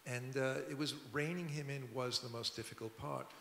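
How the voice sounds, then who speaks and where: An older man tells rambling stories at a public talk, his gravelly voice edged with brightness. He restarts his sentences as he goes. It rings through a big hall with a long tail. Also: mid-range voice, fairly even intonation, normal speed, a little hiss or hum. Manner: rambling, conversational, frequent restarts. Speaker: record producer and musician, guest. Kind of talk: anecdotal storytelling at a public talk. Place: museum auditorium. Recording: echoey hall.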